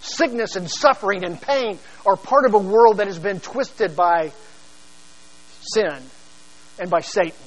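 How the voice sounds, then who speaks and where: A man with a notably high voice teaching through a Bible passage in a loose, conversational way. He often pauses with fillers and restarts his sentences. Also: low-quality recording. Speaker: preacher.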